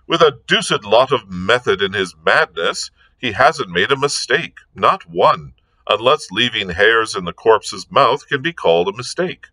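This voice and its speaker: A man reading aloud and voicing a jaunty, excitable aristocratic gentleman detective, full of exclamatory upper-class banter. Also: lowish voice, a little slow, dry recording, heavily acted, low-quality recording. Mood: musing. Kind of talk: read-aloud novel dialogue.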